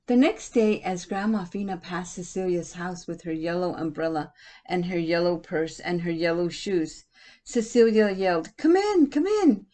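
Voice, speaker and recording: A woman's voice: fairly low pitch, normal speed, mellow. A woman teacher reading a picture book aloud to children. She stops often to ask her listeners questions.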